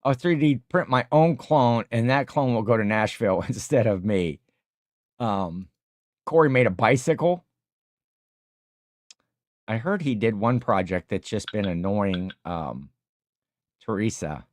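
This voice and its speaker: A man hosting a casual livestream, reading viewer comments aloud and rambling with many pauses. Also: fairly low pitch, animated, no echo, clean studio sound. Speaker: livestream host.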